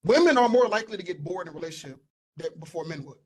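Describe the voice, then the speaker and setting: A young man holds forth on a casual podcast, fairly high in pitch. He is animated and emphatic and circles back over the same words to drive a point home. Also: racing, husky, rough recording. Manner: animated, emphatic, repeats himself for stress. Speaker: podcast co-host. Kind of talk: casual opinionated chat.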